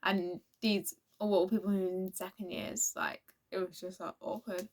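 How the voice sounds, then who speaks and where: A woman's voice: medium pitch, steady tone, normal speed. A teenage girl, telling a rambling storytime in a casual vlog, full of restarts and acted-out quotes. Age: teens. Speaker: vlogger.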